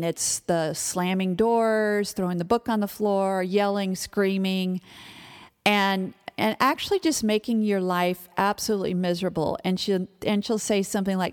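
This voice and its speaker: A woman's voice: medium pitch, unhurried, clean tone, big-room sound. A woman giving an instructional talk to parents in a conversational, emphatic way, with asides. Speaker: parenting speaker.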